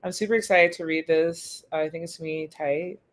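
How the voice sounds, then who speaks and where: A young woman hosting a casual livestream from her bed, chatting in an excitable, slangy way and calling her viewers "y'all". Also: sits low, a little fast. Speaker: livestream host. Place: in bed at home.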